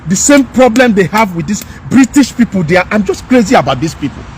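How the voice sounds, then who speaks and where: A man with a strikingly high-pitched voice, ranting in an emphatic, scolding way and hammering the same phrases again and again. He is recorded outdoors, with a faint hum of street traffic behind him. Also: big pitch swings, fairly quick. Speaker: commentator. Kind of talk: impassioned rant.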